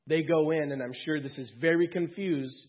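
A male pastor preaching an earnest sermon, his voice swelling and then dropping to a hush. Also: on the high side, fairly even intonation, moderate pace. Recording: dull lo-fi recording.

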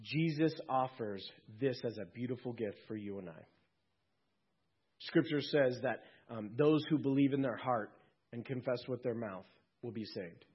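A male pastor preaches in an earnest sermon, his voice husky and mid-pitched. He swells, then drops to a hush. The recording is dull and lo-fi. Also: normal speed.

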